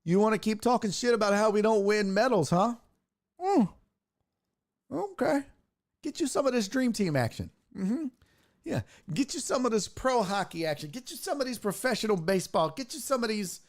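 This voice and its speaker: A man's voice: sits high, expressive, normal speed, pitched above the performer's own voice. A man voicing a cocky American who taunts rivals with smug, swaggering trash talk. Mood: smug taunting.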